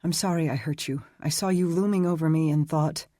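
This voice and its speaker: A woman's voice: low voice, a little fast, mellow, no room sound, studio quality. A narrator voicing a frightened but tough young woman held captive, asking urgent, breathless questions in a raised voice. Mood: subdued.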